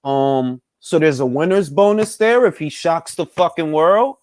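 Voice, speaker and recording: A high-voiced man ranting about boxing, swinging his pitch up and down as he gets fired up. He talks casually and swears a lot, calling out the fans as "y'all." The sound is dry and close. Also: unhurried, no echo. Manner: animated, profane, heated, addresses fans as y'all. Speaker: boxing talk show host. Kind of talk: casual opinion rant.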